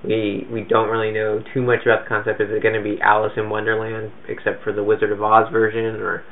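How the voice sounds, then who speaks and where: A man's voice: fairly low pitch, completely flat delivery, fast talker. A man chatting casually as a podcast co-host and film reviewer, rambling along with fillers and restarts. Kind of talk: casual chat. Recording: tinny phone-like sound.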